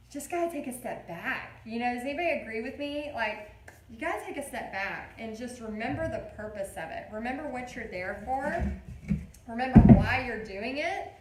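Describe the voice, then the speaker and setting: A woman in her thirties, an art teacher chatting and telling stories while she leads a casual live painting tutorial. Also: on the high side. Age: 30s. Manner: chatty, rambling storyteller. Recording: roomy echo.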